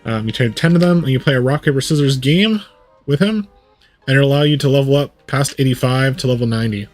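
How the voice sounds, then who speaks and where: A man's voice: medium pitch, fast, a little mellow. Man game streamer, rambles and thinks aloud, condenser mic, faint game music underneath. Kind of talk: casual live gameplay commentary. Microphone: studio USB condenser mic.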